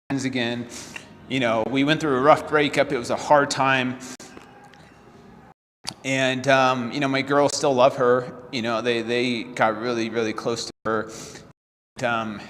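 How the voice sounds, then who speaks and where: A man around forty, a fitness vlogger, talking to viewers in a halting, earnest livestream chat full of fillers and restarts, holding back tears. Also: medium pitch, fairly bright tone, in a large hall, slight background noise. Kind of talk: casual livestream talk to viewers.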